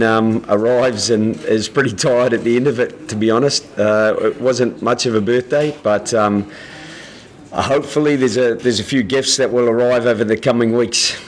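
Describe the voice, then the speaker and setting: A head coach at a press conference, answering in a measured, halting way with frequent restarts. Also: male voice, mid-range voice, fairly even intonation.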